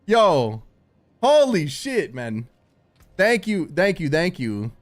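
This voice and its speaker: A man live-streaming while gaming, excitable and swearing a lot, stammering through restarts and calling everyone dude and bro. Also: a little high, slow pace. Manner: stammering restarts when overwhelmed.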